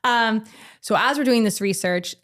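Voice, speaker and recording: A woman in her thirties, a podcast guest, telling a story in a casual, animated way, often laughing and acting out what people said. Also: on the high side, moderate pace. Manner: animated, laughing, acts out quoted voices.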